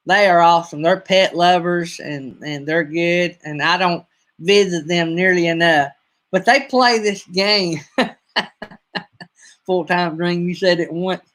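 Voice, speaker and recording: A man's voice: high-pitched, fairly bright tone. A man in his fifties from North Alabama with a Southern accent, rambling folksily in a casual live-stream chat with his viewers. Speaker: livestream host.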